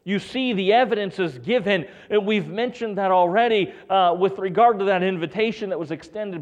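A man preaching a Sunday sermon and reading scripture aloud, dropping his voice low and hushed for emphasis. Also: moderate pace, few pauses, dull audio. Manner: preaching with dramatic drops to a hushed voice; reads scripture in King James wording. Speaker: pastor.

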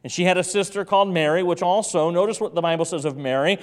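A man with a fairly high voice preaches an evening sermon. He hammers key phrases again and again, then sometimes sinks into a hushed, gentle tone. His voice rings with the long reverb of a church sanctuary. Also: fast, few pauses. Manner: emphatic, repeats key phrases, drops to soft tones. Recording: long reverb of a large room.

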